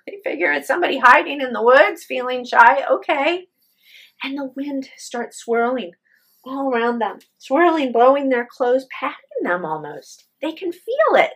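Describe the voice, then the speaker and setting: A woman's voice: sits high, animated, moderate pace, fairly bright tone, breathy edge. A woman telling a spoken ghost story with drama, acting out the voices of her characters.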